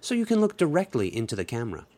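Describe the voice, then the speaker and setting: A man's voice: mid-range voice, huge pitch swings, very fast, mellow. A man voicing a flirty, confident woman guide in an adult audiobook, speaking in a teasing, coaxing way. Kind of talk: erotic audiobook role reading.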